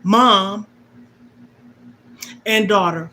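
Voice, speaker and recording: A woman's voice: mid-range voice, drawn-out words, pushed and bright. A grandmother in middle age speaks straight to her livestream audience, hammering home points with repetition and blunt emphasis. Her voice sits in a middle register, and faint noise hums behind her phone-style mic. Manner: emphatic, preachy, repeats key points. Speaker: livestream host. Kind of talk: emotional personal talk to viewers.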